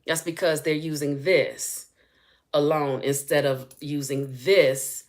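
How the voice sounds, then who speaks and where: A woman speaking as a spiritual healing coach in a casual live-stream chat, chatty and animated and laughing often. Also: low voice, takes it slowly.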